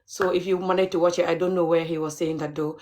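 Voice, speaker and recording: Gambian woman, live-stream host, outspoken, animated, talks straight to her viewers. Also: lowish voice, fast, a little hiss or hum. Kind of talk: casual live-stream chat with callers.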